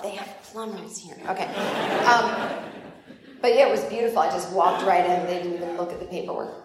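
A woman in her forties from the United States doing chatty, rambling, self-deprecating stand-up crowd work on stage, often breaking into laughter. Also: medium pitch. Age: 40s. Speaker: stand-up comedian. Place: comedy club stage before a live audience. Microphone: handheld stage mic, taped on a phone in the crowd. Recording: raw phone recording, echoey club, audible noise. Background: audience laughter.

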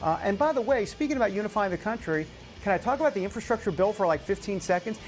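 A man hosting a news talk show, giving opinionated commentary in an animated, exasperated way, with many fillers and restarts. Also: high-pitched, fast talker, faint music behind.

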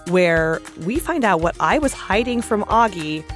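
Bubbly woman with lively pitch. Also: unhurried, soft background music. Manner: bubbly, laughs often. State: recovering voice, vocal fry. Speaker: podcast co-host. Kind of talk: casual podcast chat.

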